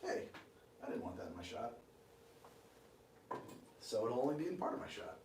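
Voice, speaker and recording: A man's voice: medium pitch, very animated, moderate pace, a little mellow, recorded from a distance, slight background noise. Rambling, joking man in a roomy space. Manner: rambling, self-deprecating, joking asides. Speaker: cocktail show host. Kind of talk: casual live-stream chat while making a drink.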